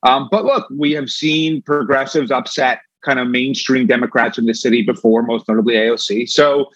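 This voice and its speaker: Brief: male interview guest, rapid delivery with restarts, dry lo-fi sound. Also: mid-range voice, a bit bright, dry recording. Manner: quick, with many restarts. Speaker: guest, former campaign manager. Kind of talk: fast interview talk.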